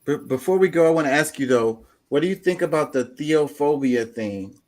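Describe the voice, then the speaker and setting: A man's voice: fairly high pitch, normal speed. A man hosting a casual podcast, asking eager questions and stumbling over repeated words as he jumps in.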